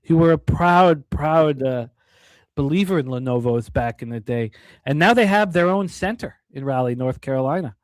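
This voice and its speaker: Quick man reading betting lines. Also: on the high side, lively intonation, dry recording. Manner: reads odds and numbers quickly, many fillers. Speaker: sports betting show co-host. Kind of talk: casual sports betting talk.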